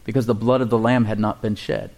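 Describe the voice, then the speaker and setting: A pastor preaching a sermon to his congregation, calling for responses and slowing down to read scripture aloud. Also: fairly low pitch, flat delivery, creaky, a little mellow.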